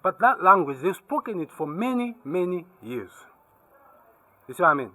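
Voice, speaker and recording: A man's voice: sits high, sing-song, normal speed, sharp tone, no echo, rough recording. A man talking casually to camera as a vlogger, emphatic and lecturing, checking again and again that the viewer follows. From Zambia. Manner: keeps asking "you see what I mean?". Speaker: travel and tech vlogger.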